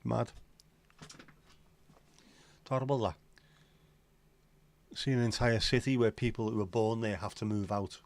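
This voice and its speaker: A middle-aged Liverpudlian man hosts a livestream, chatting casually to his live audience in a rambling, opinionated way full of swearing. His voice sits on the low side, and he talks slowly with long pauses.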